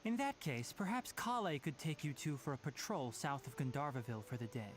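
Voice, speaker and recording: Casting note: young male ranger mentor, gently stern, caring, lively intonation, voiced by a man, game dialogue. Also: a little high, a little fast, over music, lightly acted.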